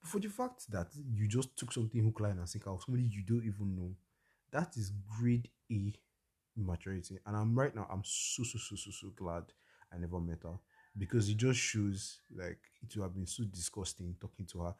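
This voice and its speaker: A man's voice: on the low side, lively intonation, brisk, a little mellow, slightly rough. A young man, telling a personal story on his podcast in a blunt, opinionated way. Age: young adult. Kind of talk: casual storytelling monologue.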